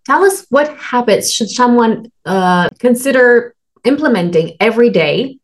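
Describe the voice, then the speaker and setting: A woman's voice: a little high, animated, measured pace. A woman interviewer asking her guest an inquisitive follow-up question.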